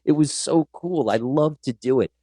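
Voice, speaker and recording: A middle-aged man hosting a podcast interview, telling stories in a casual, animated way and acting out what people said. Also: medium pitch, moderate pace, dry recording, clean studio sound. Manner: animated storyteller, acts out quotes. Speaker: podcast host.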